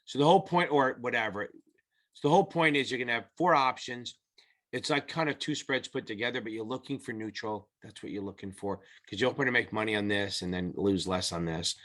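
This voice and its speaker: A middle-aged male tutor walks through exam material in a loose, unscripted way, blunt and salty with his language. His voice is bright and forceful, and he keeps circling back to restate his points. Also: mid-range voice, brisk. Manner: blunt, profane, rambling explanations. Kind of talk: casual whiteboard lesson.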